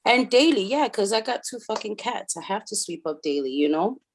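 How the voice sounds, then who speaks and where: A woman co-hosting a casual radio chat, telling stories in an animated way, swearing often and laughing a lot. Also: medium pitch, a little fast, slight background noise. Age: adult, has a son. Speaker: radio show co-host.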